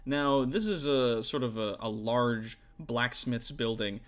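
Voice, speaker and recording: A man narrating as game master in a relaxed way, laughing often and using many fillers. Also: mid-range voice, takes it slowly.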